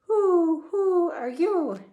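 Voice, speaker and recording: A woman's voice: very high-pitched, animated, drawn-out words, dark tone, echoey room, lo-fi sound, pitched above the performer's own voice, exaggerated voice. A woman voicing a fussy male owl who guards his dock, hooting and squealing in disgust. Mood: startled hooting.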